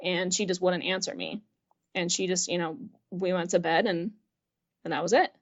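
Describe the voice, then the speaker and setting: A woman's voice: on the low side, expressive, normal speed, highs cut off. A woman guest telling a personal story in casual conversation, chatty and full of fillers, acting out the dialogue she recalls and laughing often. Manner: chatty, filler-heavy retelling that acts out quoted dialogue with frequent laughs. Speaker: interview guest.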